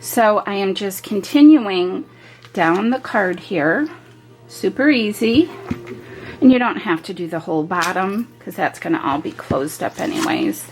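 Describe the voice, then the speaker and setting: A woman's voice: mid-range voice, animated, measured pace, soft background music, low-quality recording. A woman hosting a home craft video, talking through a stamping project step by step with chatty, homey asides. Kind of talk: casual step-by-step craft demo.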